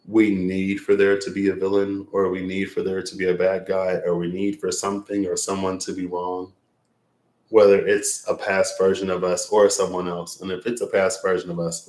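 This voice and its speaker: A man's voice: low-pitched, a little mellow, roomy sound. A man who reads tarot, closing a long livestream with rambling, reflective talk and frequent laughs. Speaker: tarot reader. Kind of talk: late-night livestream wrap-up chat.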